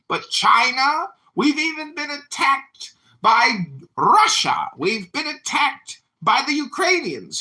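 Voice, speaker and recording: A pompous man in a put-on British accent, delivering a ranting campaign speech. His voice is bright and sharp, and his pitch swings widely as he speechifies. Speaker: political candidate. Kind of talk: campaign speech in an online audio room.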